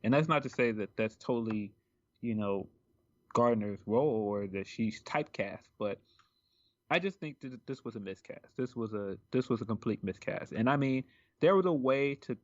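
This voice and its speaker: A man's voice: medium pitch, normal speed, no echo, dull audio. A man co-hosting a podcast in casual chat, rambling with lots of ums and likes. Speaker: podcast co-host.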